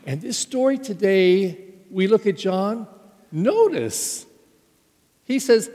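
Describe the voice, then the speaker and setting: Male priest, slightly high voice, homily with stressed key words, long church reverb. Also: unhurried, long pauses. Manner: conversational preaching with stressed words and sudden loud rises. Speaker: pastor. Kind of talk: sermon.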